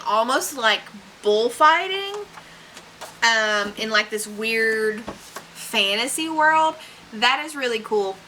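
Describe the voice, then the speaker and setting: On a rough recording with a little hiss or hum, a young woman with a high-leaning, bright, forceful voice unboxes books for her vlog. She's chatty and effusive, peppering her talk with fillers and little laughs while reading the blurbs.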